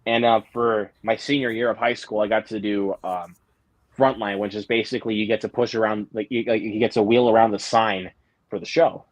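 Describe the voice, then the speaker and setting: A man's voice: lowish voice, fairly even intonation, fairly quick, no room sound, muffled recording. A young man hosting a casual live-stream chat, rambling through stories with lots of fillers and restarts. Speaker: host.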